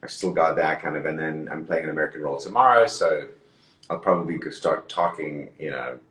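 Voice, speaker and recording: A man's voice: rumbling low, brisk, fairly bright tone, reverberant, poor audio. A man with a mixed Zimbabwean, Australian and British accent, chatting as an interview guest, rambling with many fillers and laughing often. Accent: mixed Zimbabwean, Australian and British English. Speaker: actor, guest. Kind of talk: casual chat.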